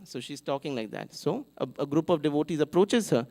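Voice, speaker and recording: Brief: male temple speaker, slightly higher voice, chatty storytelling sermon delivered live. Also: expressive, fast, hardly any pauses, a little mellow. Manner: conversational storytelling, acting out the characters.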